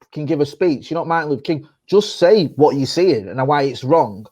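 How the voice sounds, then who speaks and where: A man's voice: fairly high pitch, fairly quick, breathy edge. A man, co-hosting a casual podcast chat, sweary and rambling as he tells his stories. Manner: sweary, rambling, animated storytelling. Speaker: podcast co-host.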